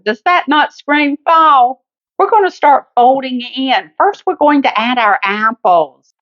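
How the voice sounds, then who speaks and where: A woman's voice: on the high side, lo-fi sound. A woman with a Southern US accent hosting a home cooking demonstration in her kitchen, chatty and homey, talking straight to her viewers. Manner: chatty, homey, addresses viewers as guys and honey. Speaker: cooking show host.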